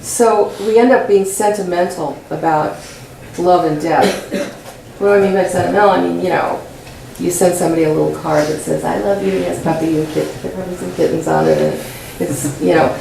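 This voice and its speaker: A woman poet answering audience questions after a reading in a college lecture room, thoughtful and searching for words, a bit hoarse as she is losing her voice. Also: on the low side, lively intonation, fairly quick, warm tone, slight background noise. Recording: echoey room, mic at a distance.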